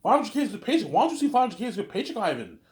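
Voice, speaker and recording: A man's voice: sits high, very animated, rapid-fire, roomy sound, pitched above the performer's own voice. A man voicing a pushy, greedy male business partner who insists and keeps repeating the listener's name. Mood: insistent.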